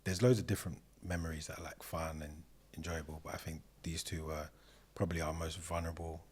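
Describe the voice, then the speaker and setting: Man, hesitant, soft-spoken, very deep voice, husky. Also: flat delivery, brisk. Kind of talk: personal sharing in a group conversation.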